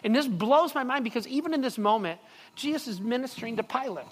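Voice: medium pitch, fast, slightly rough. Pastor preaching in a reverberant hall. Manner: conversational, repeats words, checks in with the audience. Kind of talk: sermon. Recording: long reverb of a large hall.

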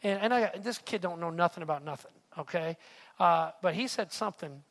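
A man's voice: sits high, brisk, fairly bright tone. A middle-aged man preaching a sermon in a chatty storytelling way, repeating words and checking in with "right?". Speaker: pastor.

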